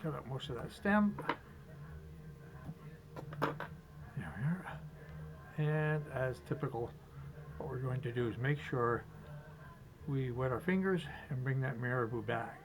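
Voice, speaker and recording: A man demonstrating fly tying step by step, chatty and relaxed, talking to himself as he works. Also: medium pitch, unhurried, pauses often, music in the background, poor audio. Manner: chatty, talks to himself while working, chuckles.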